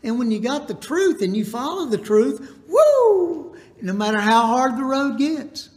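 A man delivers a Baptist sermon in a notably high voice. He wanders through homespun stories, then stops to ask the congregation to repeat lines back to him. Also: normal speed. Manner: folksy, rambling, calls out for congregation responses. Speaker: Baptist preacher. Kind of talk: storytelling sermon.

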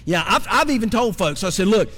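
A man's voice: sits high, animated, fairly quick, pushed and bright. A man preaching a sermon in a conversational style, often putting questions to his congregation. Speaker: pastor. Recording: long reverb from a large hall.

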